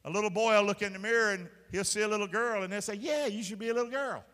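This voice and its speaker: A male pastor preaches a live sermon in a big church auditorium. His voice sits high and sounds bright and forceful. He is emphatic and keeps calling out to the congregation, and long hall reverb trails his words. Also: fast talker.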